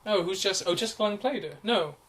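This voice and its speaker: A man co-hosting a comedy podcast, jumping in with quick teasing remarks. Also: high-pitched, fairly bright tone. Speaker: podcast co-host. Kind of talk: casual comedy chat. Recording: noisy background hiss.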